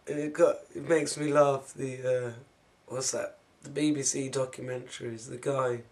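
A man's voice: mid-range voice, little pitch movement, a little slow. Musing man on spiritual matters. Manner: musing, wandering, with soft laughs and trailing-off phrases. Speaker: spiritual vlogger. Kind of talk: casual spiritual monologue.

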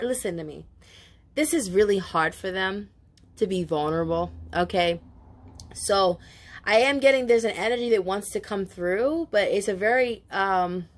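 Emotional chatty woman tarot reader. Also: mid-range voice. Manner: emotional, chatty, swears casually, many asides. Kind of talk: casual spoken tarot reading.

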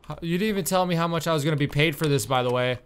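A man's voice: fairly high pitch, very fast, a little hiss or hum. Exasperated man commentating a game. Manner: exasperated, swearing, loud outbursts. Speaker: gaming YouTuber. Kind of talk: let's-play commentary.

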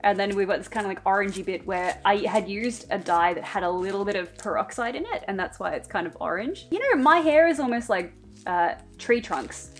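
A woman vlogger chatting casually and giggling while her hair gets dyed, with soft music playing behind. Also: mid-range voice, lively intonation, fairly quick. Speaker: beauty vlogger.

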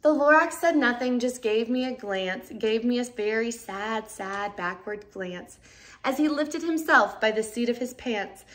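A woman teacher reading a rhyming storybook aloud, lively and expressive. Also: fairly high pitch, measured pace. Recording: roomy echoey room.

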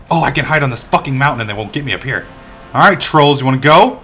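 A young man hosting a let's play, commentating excitably and shouting curses at the game. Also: medium pitch, quick pace, faint music behind. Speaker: gaming channel host.

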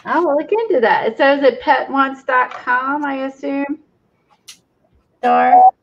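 Gravelly rambling woman crafting on camera. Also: high-pitched, slow, muffled recording, background noise. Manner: rambling, trails off, many restarts. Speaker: craft channel host. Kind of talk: casual chat while painting. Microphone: camera mic from below.

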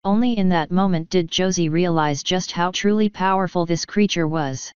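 A woman narrating a fan story in a steady, even reading voice. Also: on the low side, normal speed, hardly any pauses, clean tone, no echo, highs cut off. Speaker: fanfiction reader. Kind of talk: audiobook-style story narration.

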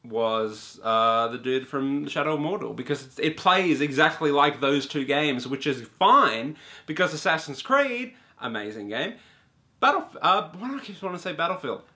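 Bright-voiced, profane male game reviewer. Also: a little high, lively intonation, normal speed. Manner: offhand, enthusiastic and profane. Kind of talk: casual spoken game review.

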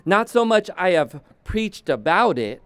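A man preaching a sermon as pastor, slow and deliberate, often restarting his sentences. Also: high voice, big pitch swings, a bit bright, clean tone, no room sound.

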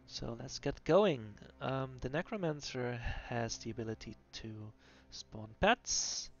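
Slow, hesitant man with muffled sound. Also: mid-range voice, animated. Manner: hesitant, many fillers, unhurried explanation. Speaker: game guide creator. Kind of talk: gameplay class guide voice-over. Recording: dull lo-fi audio with faint music.

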